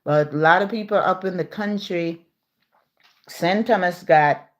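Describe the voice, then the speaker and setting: Low-voiced Jamaican woman chatting. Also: measured pace, lo-fi sound, noisy background. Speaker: livestream host. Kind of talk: casual chat.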